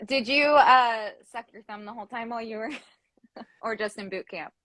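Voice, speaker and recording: A woman's voice: fairly high pitch, moderate pace, a bit bright, no echo. A woman hosting a history podcast interview, asking follow-up questions and laughing often. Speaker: podcast host. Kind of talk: casual interview chat.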